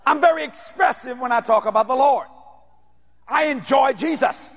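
A man preaching a sermon, telling stories in an animated, playful way and often shouting. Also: very high voice, normal speed, vocal fry. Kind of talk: sermon with storytelling.

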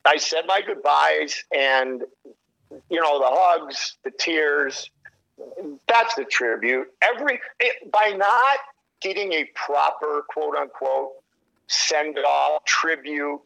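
A man's voice: on the high side, creaky, sharp tone, rough recording. A middle-aged man, a sports commentator on a podcast as a guest, telling stories casually, acting out quotes and laughing often. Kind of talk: casual storytelling.

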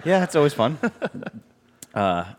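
A man's voice: a little high, big pitch swings, slow pace, in a large hall, slight background noise. A man on a casual podcast, speaking in a laid-back way and chuckling now and then. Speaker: podcast co-host. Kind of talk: casual beer podcast banter.

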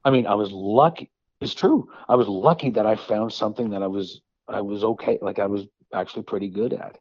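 A man, a musician guest, talking casually in an interview, rambling with halting restarts and self-deprecating asides. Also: lowish voice, no room sound, muffled recording.

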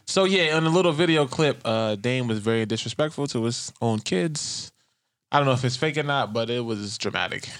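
A man in casual podcast talk with a mid-range voice. He speaks quickly and bluntly, brushing things off in slang. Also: mid-range voice, animated. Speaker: podcast co-host. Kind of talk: casual chat.

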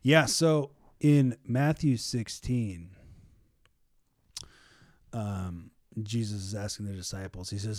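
A man leading a casual Bible study, reading scripture slowly and acting out biblical figures in lively everyday speech. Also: on the low side, dry recording, clean studio sound. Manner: reads scripture slowly and deliberately.

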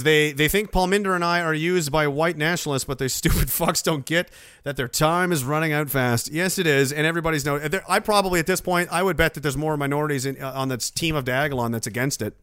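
A middle-aged man hosts a casual livestream and reads out his viewers' messages. He answers them with sarcastic, ranting asides and swears freely. His voice sits a little high for a man, and the recording is dry and close. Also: fairly bright tone, no echo. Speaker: livestream host reading viewer donations.

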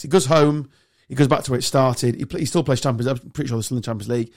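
A man's voice: medium pitch, racing. A man hosting a podcast, ranting and joking casually with friends. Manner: animated ranting, swearing and laughing. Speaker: podcast host.

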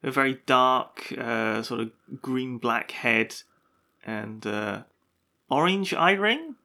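A man's voice: mid-range voice, lively intonation, slow pace, vocal fry, pushed and bright. A man co-hosting a casual science podcast, describing an animal in an easygoing way with fillers. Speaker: podcast co-host.

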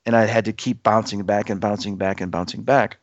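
A man's voice: fairly low pitch, a little fast, no echo. A man in his fifties, a guest telling a personal story in casual conversation, acting out voices as he goes. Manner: animated, acts out dialogue with his voice. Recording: dull lo-fi dry sound.

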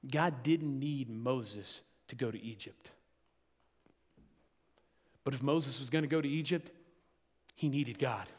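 A male pastor preaching a sermon to his congregation, building to loud, emphatic passages. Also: medium pitch, slow pace, pauses often, big-room sound.

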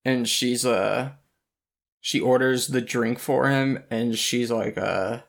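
A man talks in a relaxed, wry way on a casual movie podcast. He retells movie scenes at an easy pace. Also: mid-range voice, slow pace, gravelly. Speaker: podcast co-host.

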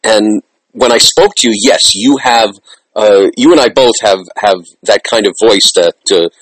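A man hosting an interview, animated and enthusiastic, quick to praise his guest. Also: fairly low pitch, no echo, rough recording. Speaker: interview host. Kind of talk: casual interview.

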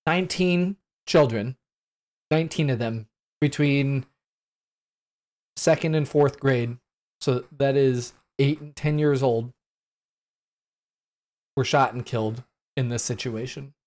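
A man in his late thirties giving solo commentary on news events, talking in an earnest, halting way with many fillers and restarts. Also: mid-range voice, darkish tone. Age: late 30s. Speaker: podcast host.

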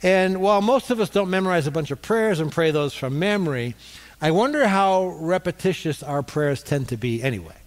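Man, pastor, sermon, repeats for emphasis, fairly high voice, long hall echo. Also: animated. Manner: repeats points for emphasis, pausing with fillers.

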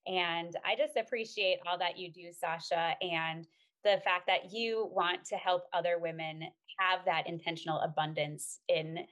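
Affirming woman podcast host, lowish voice. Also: fairly even intonation, measured pace. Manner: warm, affirming, upbeat. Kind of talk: casual interview talk.

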